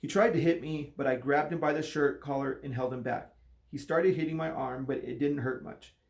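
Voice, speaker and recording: A man's voice: a little high, normal speed, gravelly, echoey room. A man, a coach, reading a children's novel aloud with voiced dialogue. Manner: steady storytelling with voiced dialogue.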